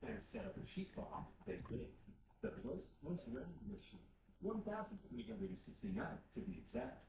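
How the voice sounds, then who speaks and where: A man's voice: high voice, lively intonation, moderate pace, vocal fry. A man narrating comic history in a wry, mock-dramatic way. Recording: echoey, distant, very noisy.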